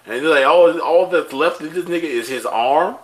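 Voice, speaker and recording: A man co-hosting a podcast in loud, animated casual chat, swearing and laughing often. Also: fairly high pitch, normal speed. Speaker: podcast co-host.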